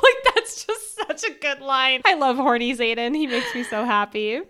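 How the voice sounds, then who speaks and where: A woman's voice: sits high, expressive, normal speed, hardly any pauses, pushed and bright. A young woman co-hosting a book podcast, gushing and laughing freely, swearing casually as she chats. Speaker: podcast co-host.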